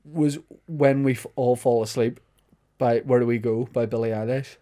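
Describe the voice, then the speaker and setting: A man's voice: mid-range voice, steady tone, normal speed, dark tone. A man co-hosting a podcast in casual banter, teasing his co-host and reading out lists. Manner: teasing, joking, reads out lists.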